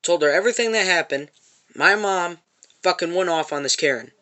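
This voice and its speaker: Angry storytime vlogger, man, high bright voice, swears constantly. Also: lively intonation, a little fast. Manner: profane, repetitive storytelling. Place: parked van.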